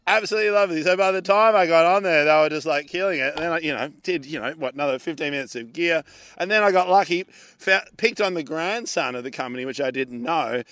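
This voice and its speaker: An Australian man with a bright, forceful voice and a fairly high pitch tells a story in casual chat. He is animated and swears freely, acting out the people in the story. The mic is close and dry. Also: quick pace, dry recording. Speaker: comedian and podcast co-host.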